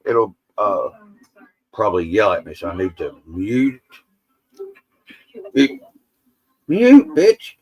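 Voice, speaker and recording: A man's voice: deep voice, lively intonation, slow pace, pauses often, lo-fi sound, a crowd in the background. A man hosting a casual livestream, rambling and teasing his friends with salty jokes. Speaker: livestream host.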